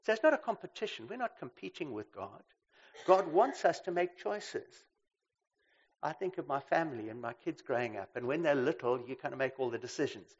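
A man preaching a sermon. He swings between loud emphasis and quiet asides and keeps checking in with "right?". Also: fairly high pitch, slightly rough. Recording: slightly dull lo-fi recording.

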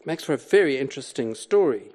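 Preaching on a passage of Scripture, this older man talks fast in a mid-range, expressive and slightly mellow voice. He hammers home his points, repeating key words and posing rhetorical questions.

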